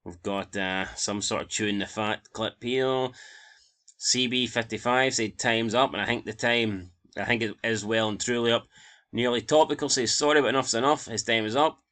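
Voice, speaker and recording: A man's voice: mid-range voice, fairly even intonation, moderate pace, sharp tone. A Scottish man hosting a football channel, bluntly and exasperatedly reading out and reacting to viewer comments, with frequent swearing.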